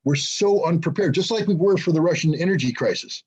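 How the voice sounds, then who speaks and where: Older male guest, blunt and sarcastic, slightly high, husky, dull remote sound. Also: expressive, brisk, a little mellow. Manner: blunt, sarcastic, many ums and restarts. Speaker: interview guest. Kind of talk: political commentary interview.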